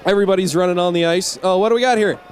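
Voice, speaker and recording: An emotional, high-voiced male rink interviewer. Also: racing, a little hiss or hum. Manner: emotional, gushing, rambling with restarts. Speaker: on-ice interviewer for a hockey broadcast. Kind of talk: excited on-ice interviews. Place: on the ice at a rink after a game.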